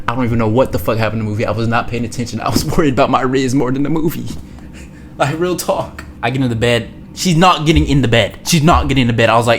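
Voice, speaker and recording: A young man telling a story from his own life as a streamer, rambling, slangy and repeating himself, sometimes dropping to a hushed low voice. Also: very fast, a little hiss or hum. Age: young adult. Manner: drops to a hushed low voice for spicy parts. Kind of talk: casual storytelling.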